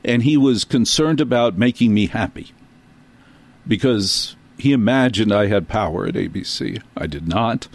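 A man's voice: lowish voice, normal speed, creaky, dry recording. A man from New Jersey who hosts a talk show, telling a rambling, self-deprecating story full of asides. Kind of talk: storytelling monologue.

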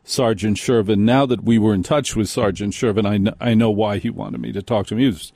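A man's voice: on the low side, fairly even intonation, a little fast, gravelly, dark tone, dry recording, clean studio sound. An older man hosting a live radio talk show, chatting in a folksy, rambling way and slipping into mock voices.

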